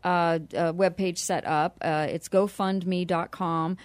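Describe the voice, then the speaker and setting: A woman's voice: fairly low pitch, fairly even intonation, takes it slowly, no room sound. A woman who runs a nonprofit, speaking earnestly as a radio interview guest and spelling out details carefully. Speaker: nonprofit executive director, guest.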